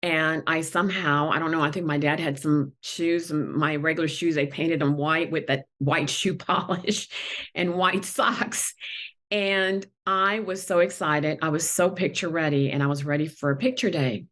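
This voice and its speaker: A woman with a low voice recounts a childhood memory in an interview. English is not her first language. She speaks earnestly and emotionally, with many pauses and fillers. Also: steady tone, a bit bright. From not from the country where she went to school. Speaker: guest executive. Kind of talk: emotional personal storytelling.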